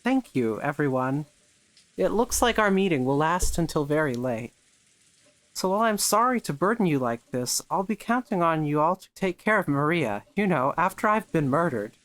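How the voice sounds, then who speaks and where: A man's voice: a little high, very animated, moderate pace, a bit bright. A man co-hosting a let's play of a visual novel. He reads characters' lines aloud and jokes casually with his co-host. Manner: joking banter, delivers character lines in a plain reading voice. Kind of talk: casual playthrough chat, reading character lines.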